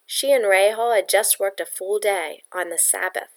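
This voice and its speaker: A woman reading a novel aloud with a steady, measured storytelling delivery. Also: medium pitch. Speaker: audiobook narrator. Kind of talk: audiobook reading.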